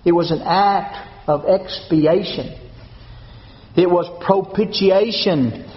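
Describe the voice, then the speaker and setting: A man preaching a sermon as pastor, with a measured, solemn and emphatic cadence. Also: high-pitched. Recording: dull sound with long hall reverb.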